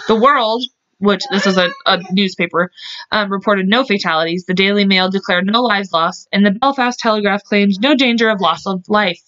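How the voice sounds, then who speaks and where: A woman's voice: mid-range voice, moderate pace, fairly bright tone, dry recording. A woman co-hosting a podcast, reading out history notes with chatty asides. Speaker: podcast co-host. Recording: dull lo-fi podcast audio.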